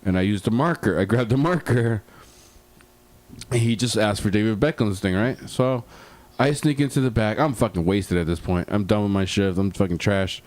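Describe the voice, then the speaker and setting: A man co-hosting a podcast, telling a long, rambling bar story full of swearing in a casual, animated way. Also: on the low side, normal speed, no room sound. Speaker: podcast co-host.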